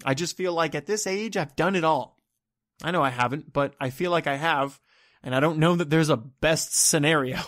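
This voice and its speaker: A man with a fairly high voice rants into the camera in a vlog. He rambles and sounds exasperated, swearing freely and letting his words trail off into low mumbles. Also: moderate pace, a bit bright. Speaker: vlogger. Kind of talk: ranting vlog.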